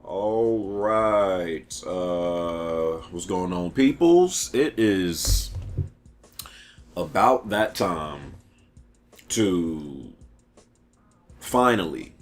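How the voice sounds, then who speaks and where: A man's voice: low voice, extremely slow, pauses often, faint music behind. A man giving a casual, chatty video game review, talking animatedly with lots of fillers, restarts and laughs.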